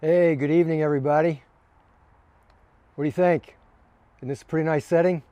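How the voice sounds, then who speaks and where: A man giving a relaxed, conversational sermon as a pastor, recorded outdoors on his deck in the evening. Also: fairly high pitch, fairly quick, muffled recording. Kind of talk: casual sermon.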